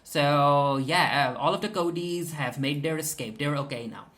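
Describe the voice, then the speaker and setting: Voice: medium pitch, moderate pace, fairly bright tone. Chatty TV recap reviewer. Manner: chatty, fillers, acts out characters. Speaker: TV show reviewer. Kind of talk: casual episode recap.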